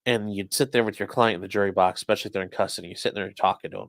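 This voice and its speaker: A man's voice: on the low side, steady tone, rapid-fire, no echo. A man who has worked as a defense attorney, talking loosely about a trial in casual live-stream commentary, swearing and acting out courtroom exchanges. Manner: loose and profane, acts out courtroom quotes.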